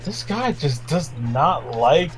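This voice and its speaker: A man with a fairly high voice chimes in during a game session with short reactions and offhand swearing. He keeps it loose and conversational, with faint game music underneath. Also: sing-song, takes it slowly, rough recording. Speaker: let's play co-host. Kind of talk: casual gaming chat.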